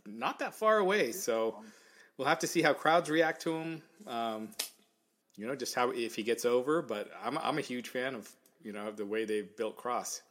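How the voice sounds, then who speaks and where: A male podcast host at a middle pitch, chatting casually with friends. He hesitates often, padding his thoughts with fillers and restarting sentences before he finds his point. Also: normal speed, a bit bright. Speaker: podcast host reading viewer messages. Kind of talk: casual chat.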